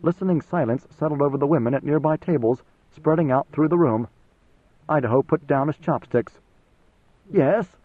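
A man narrating a novel in an even, measured way, his voice a little higher than most men's. The sound is thin and phone-like, with a dry, close feel. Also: dry recording. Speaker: audiobook narrator. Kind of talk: scripted narration. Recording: tinny phone-like band, dry.

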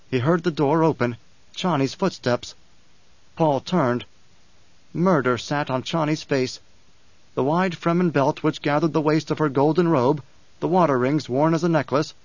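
A man's voice: a little high, dry recording. Man reading an audiobook, dull dry sound. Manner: measured, dramatic reading. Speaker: narrator. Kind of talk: audiobook narration.

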